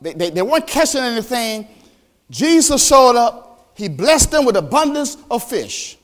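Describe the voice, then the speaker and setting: A male pastor preaching a sermon, animated, asking the congregation questions directly. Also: extremely high pitch, normal speed.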